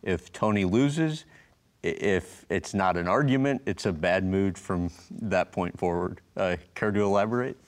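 A man's voice: low voice, unhurried. A man interviewing a guest, asking short questions and reading out quotes. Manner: reads out quotes, asks brief follow-ups.

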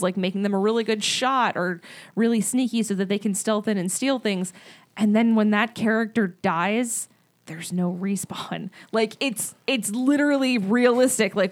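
A woman co-hosting a podcast, animated and giggly, filling her talk with "like". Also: mid-range voice. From Florida. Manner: animated, giggly, uses "like" a lot. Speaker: podcast co-host. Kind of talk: casual chat.

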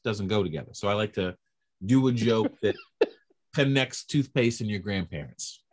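Animated man telling stage stories. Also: lowish voice, normal speed, slightly rough. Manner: animated storyteller acting out quoted voices. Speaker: stand-up comedian guest. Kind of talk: casual storytelling chat.

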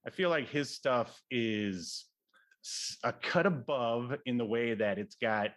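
A man co-hosting a casual film podcast, talking in a relaxed, hesitant way with many fillers. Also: medium pitch, slow. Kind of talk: casual chat.

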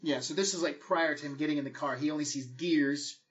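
A man narrating as game master in a relaxed, rambling way. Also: a little high, a little fast. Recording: dull lo-fi recording.

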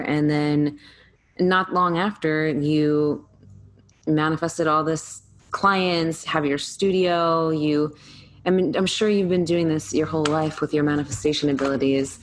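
Low-voiced woman interviewer. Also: steady tone, unhurried. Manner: encouraging, laughs often, brief affirmations. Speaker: interviewer, host. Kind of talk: casual interview chat.

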